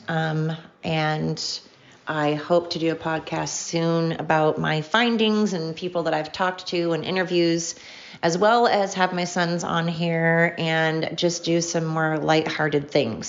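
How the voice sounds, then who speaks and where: A middle-aged woman rambles cheerfully through her solo podcast with a gravelly, creaky edge to her low-ish voice. The sound is dull and lo-fi, like a simple home setup. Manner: rambling, chatty, upbeat. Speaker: podcast host. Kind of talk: casual solo podcast monologue.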